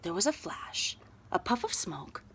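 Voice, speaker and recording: A woman telling a children's story aloud, very expressive and dropping to a whisper at spooky moments. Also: mid-range voice, a little slow, slight background noise.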